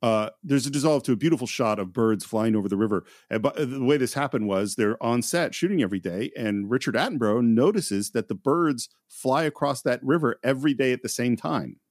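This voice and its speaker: A podcast co-host casually talking through a film. His pitch moves a lot as he retells scenes. The sound is dry and close. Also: lively intonation, brisk, few pauses, darkish tone, no room sound.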